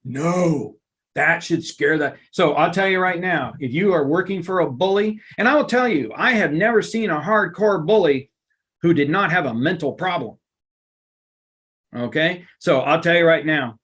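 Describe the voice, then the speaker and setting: Emphatic, animated male presenter. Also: a little high. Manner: emphatic, animated, repeats phrases for effect. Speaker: workplace trainer and coach. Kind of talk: live online lunch-and-learn presentation.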